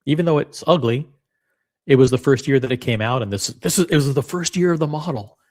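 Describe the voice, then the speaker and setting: A man's voice: medium pitch, fairly quick. Male reaction host, mid-range voice, rambling, punchy, swears freely. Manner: animated, rambling, blunt and profane. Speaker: watch channel host reacting to clips. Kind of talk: casual reaction commentary.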